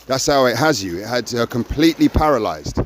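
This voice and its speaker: A man's voice: medium pitch, animated, a little fast, noisy background. An older man talking earnestly in a raw personal conversation, stressing points with "you see". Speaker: podcast co-host.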